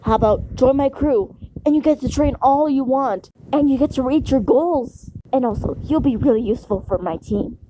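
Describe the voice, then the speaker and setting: A woman's voice: high-pitched, moderate pace, warm tone, slight background noise, voice pushed up, lightly acted, poor audio. A woman voicing Luffy, an earnest young boy pirate captain giving a blunt pep talk.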